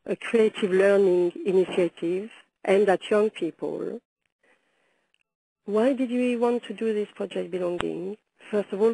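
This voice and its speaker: A woman with a sore throat delivers a webinar presentation, her voice hoarse and gravelly. Her tone is dark and mellow, and she moves at a measured pace, stopping often to hesitate. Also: mid-range voice, slight background noise, poor audio. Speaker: presenter, founder of a video project. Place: London.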